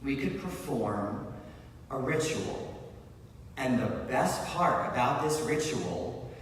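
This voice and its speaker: A man voicing a quiet, matter-of-fact fortune-teller woman. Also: medium pitch, animated, takes it slowly, distant mic, a little hiss or hum. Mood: coaxing. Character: calm female fortune-teller offering a cure. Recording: echoey hall, heard from afar.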